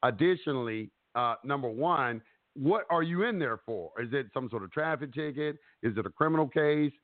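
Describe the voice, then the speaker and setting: A man hosting a casual instructional chat, animated and repetitive, acting out what he says in court. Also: medium pitch, moderate pace, dry recording. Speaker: host giving advice. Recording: dry tinny phone-like audio.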